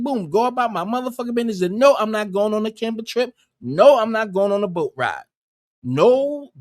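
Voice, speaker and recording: A man from the United States giving blunt, profane reaction commentary in a heated rant. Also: high voice.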